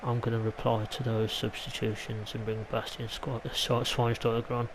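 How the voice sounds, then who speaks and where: With a medium pitch and level tone, this man from England talks at a moderate pace over background noise. A gaming YouTuber, he casually narrates his football game session, rambling chattily and tossing in mild asides.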